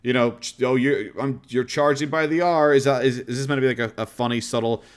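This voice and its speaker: A man's voice: mid-range voice, steady tone, fast talker, smooth. Irish guy rambling on his stream, laid back, just chatting away. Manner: easygoing and rambling. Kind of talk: casual reaction-stream chat.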